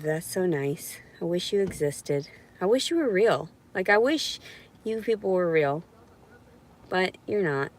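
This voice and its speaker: A woman ranting alone to camera in a vlog, bitter and sarcastic, swearing a lot and sometimes slipping into a mocking sing-song voice. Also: lowish voice. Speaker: vlogger. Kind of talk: unscripted solo vlog rant.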